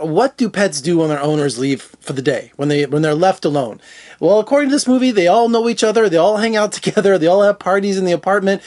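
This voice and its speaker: A man's voice: a little high, a little mellow. A man reviewing a film in a casual, rambling video, chatting with lots of asides. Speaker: film critic.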